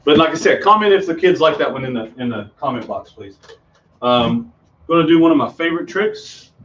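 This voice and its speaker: A man's voice: fairly high pitch, expressive, a little fast, fairly bright tone. A middle-aged man, a children's magician, performing magic tricks for kids on a video stream from a room at home, chatting in a rambling way with many ums and restarts. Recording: distant, dull home video sound.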